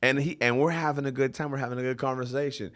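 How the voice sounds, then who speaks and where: A male podcast host in easy, casual conversation. He tells stories with a laugh and jumps into lively quoted lines. His voice sits at a middle pitch for a man. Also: fast talker. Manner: laughing, animated anecdote-telling. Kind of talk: casual chat.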